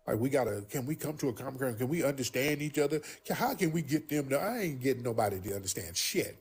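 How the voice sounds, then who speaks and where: Guy running a call-in stream, husky voice, blunt and swears a lot. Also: medium pitch, fast talker, hardly any pauses. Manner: blunt, profane, animated. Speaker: livestream host. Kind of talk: casual call-in livestream commentary.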